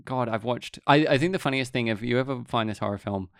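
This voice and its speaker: A man hosting a relaxed podcast chat. He rambles and circles back, full of fillers and restarts, in a gravelly voice with plenty of fry. The recording is dry and close, with no room sound. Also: mid-range voice, quick pace, no room sound. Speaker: podcast host.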